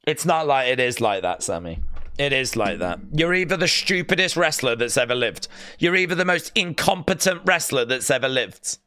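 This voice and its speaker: A man hosting a live watch-along stream, reacting excitably to the action and reading out viewer chat messages. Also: medium pitch, normal speed. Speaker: livestream host.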